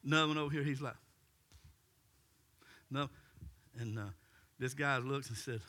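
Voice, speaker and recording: Pastor guy spinning a story, acting out voices, really bright tense voice. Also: mid-range voice, expressive, fast talker, long pauses. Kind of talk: storytelling sermon.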